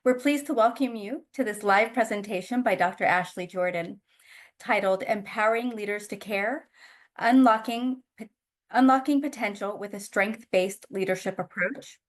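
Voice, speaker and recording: A woman's voice: medium pitch, moderate pace. A woman, an assistant professor and session co-chair, politely introducing a speaker at an online conference. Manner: polite and formal, reading from a prepared script.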